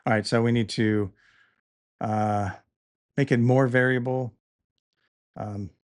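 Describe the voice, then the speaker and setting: A middle-aged man talks through a tutorial in an easygoing voice, thinking aloud and correcting himself now and then. He sits close to the mic in a dry room. His voice has an ordinary middle pitch. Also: slow pace, clear, resonant tone, no room sound. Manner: relaxed, thinking aloud with small restarts. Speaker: podcast host demonstrating tools. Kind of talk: casual tutorial narration.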